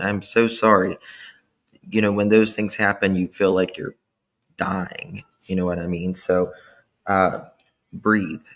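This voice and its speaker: A tired man hosting a casual live stream from indoors, warmly thanking chat viewers through his laptop microphone. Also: lowish voice. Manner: warm, effusive thanks to chat members. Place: indoors at home. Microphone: laptop camera mic.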